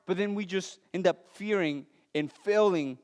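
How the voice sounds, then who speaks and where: A male pastor with a non-native, Latin American accent, preaching a sermon with earnest storytelling and light self-deprecating humor, his voice dropping soft and low on weighty lines. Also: unhurried. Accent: non-native English, Latin American. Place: church sanctuary. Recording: long church hall reverb.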